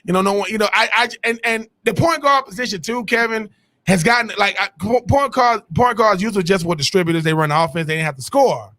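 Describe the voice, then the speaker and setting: A man with a high, bright voice co-hosts a sports talk show. He rambles through casual debate, restarting sentences and dropping slang as he goes. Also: fast talker. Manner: rambling, restarts often, Southern-tinged slang. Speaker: sports podcast co-host.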